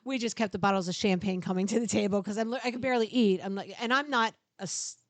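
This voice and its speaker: A middle-aged woman spins a story in relaxed podcast chat. She is animated, laughs often and swears freely. Her voice sits at a mid pitch and sounds dry and close. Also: quick pace, no echo. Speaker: podcast co-host.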